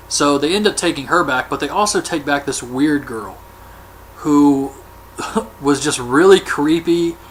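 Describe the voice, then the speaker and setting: A man's voice: mid-range voice, a bit bright, slight background noise. A man recapping a horror film in a casual, offhand way, as a movie reviewer. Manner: chatty, offhand, colloquial.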